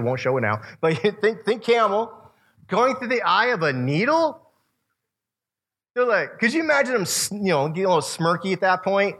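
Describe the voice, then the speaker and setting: A man preaching a casual, animated sermon to a youth group, using slang and quoting voices. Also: high-pitched. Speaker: youth pastor.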